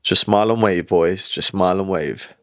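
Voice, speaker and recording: A man voicing a lost, confused male penguin that swears and fires off panicky questions, dropping low at the end. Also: no room sound, clean studio sound. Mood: bewildered. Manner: swearing, rapid questions, then low and flat.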